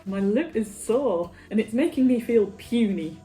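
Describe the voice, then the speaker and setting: A woman's voice: a little high, expressive, a little slow. A woman making a casual music vlog, talking in a dry, self-deprecating way. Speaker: vlogger.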